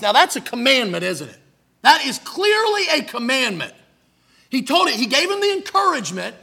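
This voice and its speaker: A man's voice: very high-pitched, very animated, normal speed, creaky, pushed and bright, breathy edge. A man preaching an evening sermon, reading scripture in old-fashioned wording and stressing key words with emphatic rises. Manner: emphatic, rises on quoted verses.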